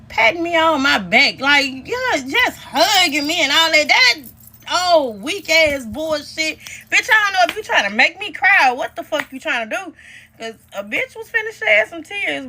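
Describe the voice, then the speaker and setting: A woman. Her voice is high, bright and sharp, and it swings widely up and down. She is profane and exasperated and keeps talking to her viewers as y'all. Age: 30s. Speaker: storyteller. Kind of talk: casual storytime vlog.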